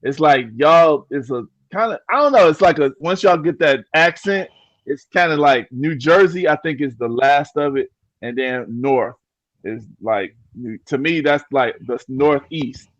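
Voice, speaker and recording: Zögerlicher Mann, etwas hohe Stimme. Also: male voice, a little high, unhurried, dry recording, dull audio. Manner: hesitant, rambling with fillers. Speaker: panelist. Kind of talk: casual chat.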